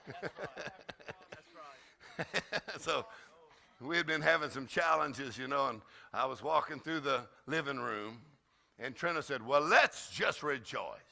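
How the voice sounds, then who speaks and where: An older man giving an exuberant sermon as guest preacher, shouting and laughing loudly. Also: medium pitch, a little slow, vocal fry, pauses often. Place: church service.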